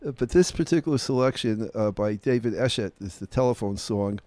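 Older guy hosting a radio show, mellow voice, lots of uh and um, rambly. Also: mid-range voice, a little fast, no echo. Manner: hesitant and rambling, full of uh and um, chuckles to himself. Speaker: radio host introducing records. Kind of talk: casual chat.

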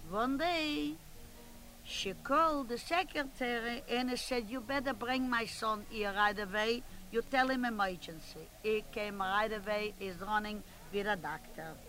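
A woman's voice: fairly high pitch, measured pace, fairly bright tone, rough recording. A woman playing an older, gossipy and bossy chairwoman who runs a club meeting, chatting and scolding as she keeps cutting herself off. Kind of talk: comic character monologue.

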